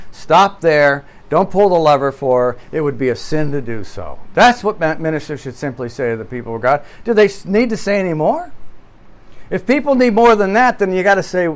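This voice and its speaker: A man with a somewhat high voice preaches a sermon from a church pulpit. He pushes hard on key words, then drops to quiet asides. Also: expressive, brisk. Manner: emphatic preaching with swings between loud and quiet. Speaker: pastor.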